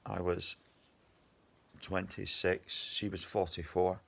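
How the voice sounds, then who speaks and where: Scottish man in his fifties, low and husky, worn out, rambling and agitated, video diary. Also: flat delivery, slow pace, a bit bright. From Scotland. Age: 50s. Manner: agitated, rambling, heavy swearing. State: exhausted. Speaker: video diarist.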